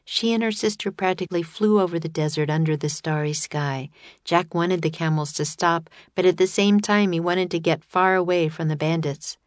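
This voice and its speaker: A woman narrating a children's chapter book in steady, expressive scripted reading. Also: on the low side, normal speed, no echo. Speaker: audiobook narrator.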